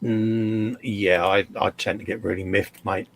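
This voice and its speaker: A man's voice: on the low side, level tone, measured pace, gravelly, a little hiss or hum. Chatty man hosting a live stream. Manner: chatty, reads out viewer names, says "mate". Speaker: host. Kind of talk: casual live-stream chat while building a model kit.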